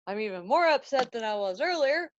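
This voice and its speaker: A woman's voice: on the high side, lively intonation, fairly quick, dry recording, lightly acted. A woman voicing a petulant, dramatic young prince in casual slang, on a dry, dull recording.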